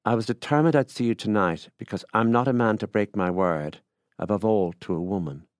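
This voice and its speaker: A man's voice: on the low side, a little fast, no echo, clean studio sound, lightly acted. A man voicing a coaxing Irish country farmer. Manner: coaxing, affable, folksy. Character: wheedling middle-aged male country farmer. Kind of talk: literary reading.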